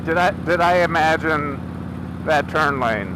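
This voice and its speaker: A motorcycle vlogger with a voice on the high side recounts a confrontation outside, playing both parties with lively energy. He tells the story casually and unhurriedly, and the outdoor audio is noisy.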